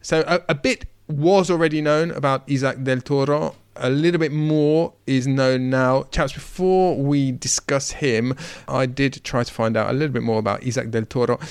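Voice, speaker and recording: A man hosting a podcast, steering a panel discussion in a measured, articulate way. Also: mid-range voice, smooth, no room sound. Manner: measured, articulate, leading the talk. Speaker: podcast host.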